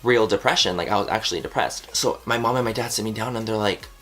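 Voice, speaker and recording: Lowish-voiced young man telling a story. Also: quick pace, faint music behind. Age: 20s. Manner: animated, swears freely, fills with "like". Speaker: vlogger. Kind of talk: casual personal storytelling to camera.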